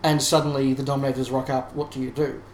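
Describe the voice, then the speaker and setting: A man's voice: medium pitch, flat delivery, fast talker, a little mellow. A man co-hosting a casual podcast discussion, talking in a thoughtful, analytical way with frequent restarts. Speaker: podcast co-host. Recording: roomy sound with faint background hiss.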